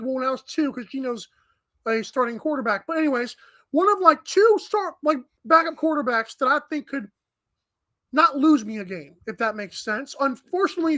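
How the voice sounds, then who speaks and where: A woman's voice: high voice, a bit bright. A woman co-hosting a sports radio show, giving betting picks in breezy, joking casual chat. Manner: breezy, jokey, quick asides. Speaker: co-host.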